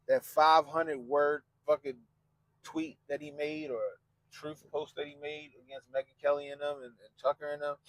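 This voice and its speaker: A man's voice: mid-range voice, rough recording. A man hosting a podcast, talking casually and profanely, mocking people and quoting them in put-on voices. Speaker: podcast host. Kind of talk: casual commentary chat.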